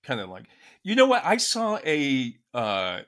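A man's voice: medium pitch, wildly swooping pitch, unhurried, fairly bright tone. A man in his fifties co-hosting a casual podcast, chatty and laughing easily as he tells stories. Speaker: podcast co-host. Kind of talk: casual chat.

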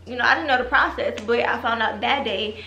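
A woman's voice: on the high side, fairly quick, vocal fry, highs cut off. Echoey young woman telling a storytime. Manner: animated, profane storytelling with lots of fillers. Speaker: vlogger. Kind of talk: storytime vlog. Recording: echoey room with music behind.

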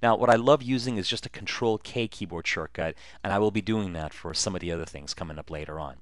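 A man narrating a relaxed, step-by-step screen-recorded software tutorial, with frequent ums and uhs. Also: sits low, fast, no echo, studio quality.

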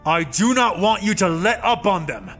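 A man's voice: high voice, sing-song, normal speed, fairly bright tone, soft background music, heavily acted. A man voicing a furious middle-aged Jedi master who barks orders and growls through clenched teeth, in a storybook reading. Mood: curt.

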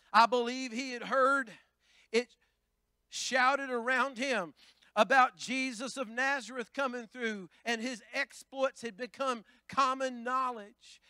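A man pastor preaching a Pentecostal sermon, building from plain talk into shouting. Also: very high-pitched, steady tone, slow, clean tone, no echo. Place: church sanctuary.

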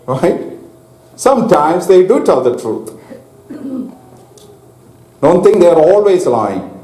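A man preaching a sermon to a congregation, slow and deliberate, stopping to ask his listeners questions. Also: high-pitched, mellow. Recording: echoey hall.

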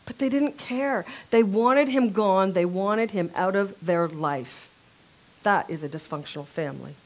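A woman with a fairly high voice teaches from the Bible at a women's workshop. She tells the story to a live audience with lively storytelling and asks them direct questions.

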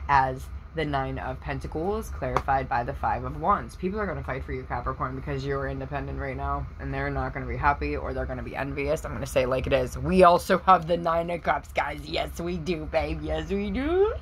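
A woman doing a casual tarot reading for viewers. She is excitable, laughs often, swears casually and calls the audience pet names. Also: rumbling low, brisk, few pauses, a little hiss or hum, poor audio. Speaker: tarot reader.

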